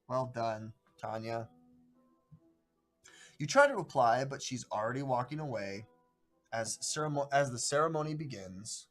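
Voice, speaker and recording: A man hosting a live stream of a solo tabletop adventure, chatting casually in a rambling, halting way. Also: medium pitch, fairly bright tone. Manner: rambling, halting, greets viewers by name.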